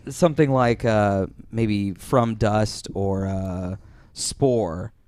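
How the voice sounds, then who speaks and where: A man's voice: fairly low pitch, drawn-out words, dry recording. Young male podcast co-host, chatty storyteller with restarts, dry close sound. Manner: animated storytelling with many restarts. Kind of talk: casual chat.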